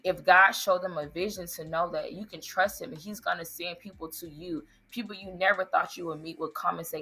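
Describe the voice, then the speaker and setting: A woman's voice: lowish voice, steady tone, a little fast, hardly any pauses, pushed and bright, breathy edge. A woman who owns an ice cream business, answering interview questions earnestly and politely. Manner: earnest, answers with "yes, sir". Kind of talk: interview guest.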